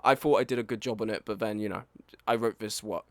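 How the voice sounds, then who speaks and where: A man's voice: fairly low pitch, fairly even intonation, quick pace, no echo. A man in his early twenties, an author talking casually and candidly about a review of his book, rambling and losing his train of thought. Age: early 20s. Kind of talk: casual reaction commentary.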